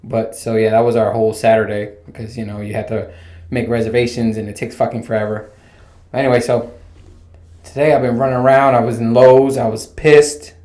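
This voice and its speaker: A man in his thirties runs a casual solo podcast from a bare-walled room at home, ranting and spinning animated, rambling stories full of swearing. His voice is mid-range and fairly quick, and the untreated room gives the recording an echo.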